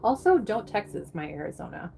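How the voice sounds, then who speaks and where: A woman's voice: medium pitch, very animated, a little fast, creaky, darkish tone, slight background noise. Chatty American woman livestreaming. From United States. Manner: chatty, reads out viewer names, swears casually. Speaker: live streamer chatting with viewers. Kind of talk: casual livestream chat.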